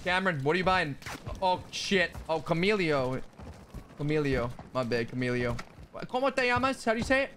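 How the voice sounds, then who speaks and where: A man streaming a shooter game, giving loud, rapid callouts to his teammates and often shouting. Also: high voice, lively intonation. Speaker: gaming streamer. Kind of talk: excited gameplay commentary. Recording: gameplay noise under voice. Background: game sounds and clicks.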